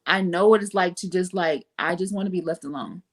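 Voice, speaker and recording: A woman hosting a casual interview, reacting quickly and using easygoing slang. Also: lowish voice. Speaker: host.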